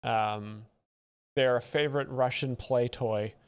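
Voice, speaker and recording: A man hosting a live stream, explaining stand-up jokes in a deadpan, mock-authoritative way. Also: mid-range voice, takes it slowly, clear, resonant tone. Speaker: joke-explainer host. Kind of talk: deadpan comedic commentary.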